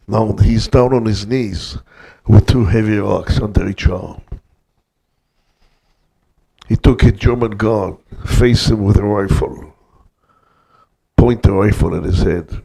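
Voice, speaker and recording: An older man, a guest rabbi, telling a story in an emphatic way that swings between hushed passages and loud peaks. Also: lowish voice, unhurried, vocal fry, long pauses, slightly rough. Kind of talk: dramatic storytelling talk.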